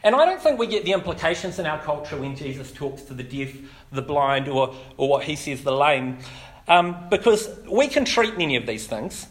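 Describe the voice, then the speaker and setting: A man giving a relaxed, chatty sermon as pastor, with frequent ums and likes. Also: a little high, normal speed. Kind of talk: casual sermon.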